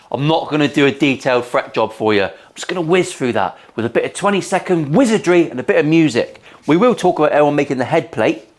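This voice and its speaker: A cheeky man with a West Country English accent talks through a guitar build in his workshop. He jokes around and swears freely in easy banter. His voice sits a little higher than most men's. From England. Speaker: guitar maker hosting a workshop build vlog. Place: home workshop.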